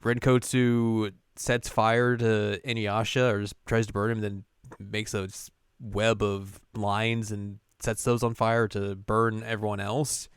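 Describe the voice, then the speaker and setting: A young man co-hosting a podcast, recapping an episode in a jokey, deadpan casual chat. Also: lowish voice, slow pace, clear, resonant tone, no room sound, clean studio sound. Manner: jokey, deadpan, acts out lines. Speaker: podcast co-host.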